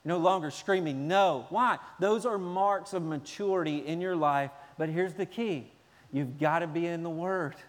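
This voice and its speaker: A man preaching a sermon in an animated way, at times acting out shouting children. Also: on the high side, moderate pace, in a large hall. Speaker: pastor.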